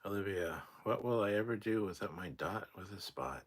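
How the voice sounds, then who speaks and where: Tired, low-voiced man rambling on a livestream. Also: animated, normal speed. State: sleep-deprived. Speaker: livestream host reading chat. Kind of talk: casual late-night livestream chat.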